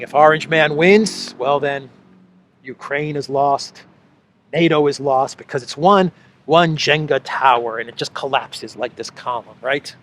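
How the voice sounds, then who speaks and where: A man's voice: medium pitch, a bit bright, a little hiss or hum. Guy doing a sarcastic political commentary monologue, keeps repeating himself for effect.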